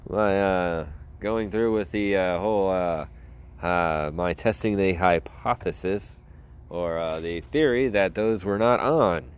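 A man with a slightly low-pitched voice hosts a casual podcast. He tells a rambling story in a loose, offhand way. He keeps breaking into laughter as he talks. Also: slow pace, clean tone. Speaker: podcast host.

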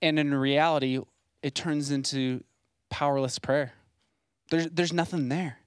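A man's voice: a little high, fairly even intonation, unhurried, smooth, dry recording. Conversational young male pastor preaching. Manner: casual, conversational preaching with paraphrase asides. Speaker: site pastor. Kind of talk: sermon.

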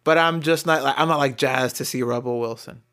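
A man's voice: medium pitch, fairly quick, a bit bright, smooth. A young man co-hosting a casual podcast, joking and laughing often as he talks. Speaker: podcast co-host.

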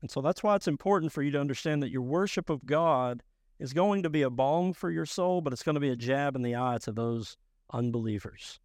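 A man preaching a sermon as pastor, emphatic and rising to loud bursts. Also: mid-range voice, fairly quick, dry recording, clean studio sound.

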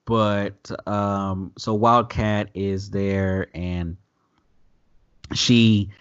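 Low-voiced guy rambling through a show recap, cussing a lot, muffled dry mic. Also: very slow, smooth, no room sound. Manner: loose, profane, animated retelling with quoted voices. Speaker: podcast host recapping an episode. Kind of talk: casual recap chat.

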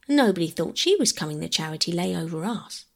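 Earnest little girl, anxious and pleading, raised up bright and a bit husky, woman reading. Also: lowish voice, animated, fairly quick. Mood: eager. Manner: pleading, eager. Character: earnest anxious eldest girl, about twelve.

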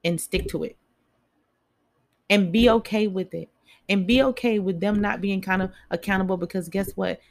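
A woman's voice: mid-range voice, steady tone, moderate pace, gravelly, pauses often. A woman giving a casual motivational talk, chatty and speaking straight to her listeners, repeating phrases for emphasis.

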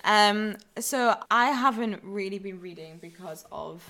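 A woman's voice: medium pitch, measured pace, sharp tone. A young woman with a northern English accent from the Newcastle area, co-hosting a casual podcast chat and rambling with fillers and restarts. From Newcastle, northern England. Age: young adult. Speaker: podcast co-host, university student.

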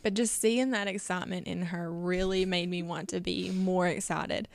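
Young woman co-host, gravelly edge, dry close sound, earnest and chatty. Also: on the low side, fairly even intonation, moderate pace, no echo. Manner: earnest, chatty, laughs often. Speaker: podcast co-host. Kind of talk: casual faith discussion.

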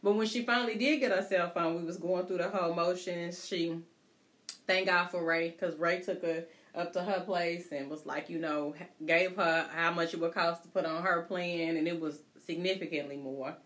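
A woman with a lowish voice chats casually with friends about her teenage daughter. She tells her stories emphatically and keeps calling her friends girl and baby. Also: fairly even intonation, normal speed, fairly bright tone. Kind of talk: casual chat among friends.

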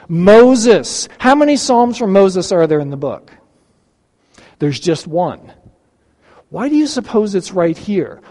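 Guy pastor preaching, kinda high voice, eager, keeps quizzing the room, lots of hall reverb. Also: darkish tone. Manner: enthusiastic, asks the audience questions. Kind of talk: sermon teaching.

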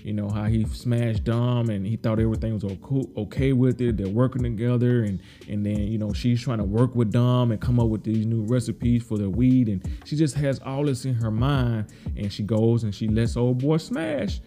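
A man's voice: medium pitch, normal speed, few pauses, warm tone. A man recapping a TV episode in casual, rambling talk, repeating words and acting out characters' lines. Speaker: podcast host recapping a TV episode.

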